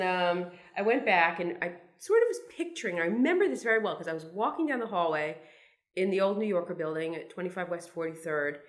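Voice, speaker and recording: A woman in her sixties from Brooklyn tells stories to an audience in a slightly low voice. Her delivery is wry and self-mocking. She circles back, restarts her sentences and drops dry little asides as she goes. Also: fairly bright tone. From Brooklyn, New York. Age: 60s. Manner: wry, meandering, self-deprecating storytelling with many restarts. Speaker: cartoonist guest speaker. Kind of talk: anecdotal talk to an audience.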